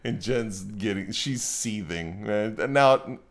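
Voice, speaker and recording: A man's voice: lowish voice, takes it slowly. A man hosting a podcast, telling a story in casual chat, swearing freely, laughing often and acting out the people in it. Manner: profane, laughing, acts out voices. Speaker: podcast host.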